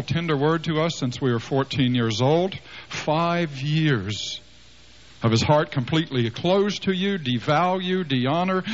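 A man in his fifties preaching through a personal story, animated and acting out the dialogue, with many restarts. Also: a little high. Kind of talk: storytelling sermon. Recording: slightly muffled with faint hiss.

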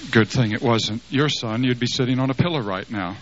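A man preaching a sermon, telling a personal story with animated delivery and dramatic swings in loudness. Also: mid-range voice, fairly quick. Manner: animated, acts out dialogue, big swings in loudness. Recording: slightly dull, faint background noise.

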